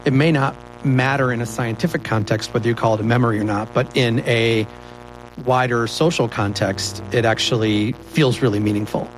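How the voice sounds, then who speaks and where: A man hosting a podcast interview, asking questions in a quick, conversational way. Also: mid-range voice, fairly even intonation, over music, poor audio. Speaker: podcast host.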